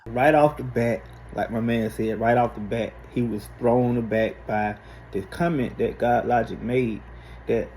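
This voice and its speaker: A man with a mellow, darker voice at a middle pitch delivers an emphatic rebuttal. He talks slowly and deliberately, leaning on each point like a preacher. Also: fairly even intonation, slight background noise, low-quality recording. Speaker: apologist rebutting commentary. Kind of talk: reaction rebuttal.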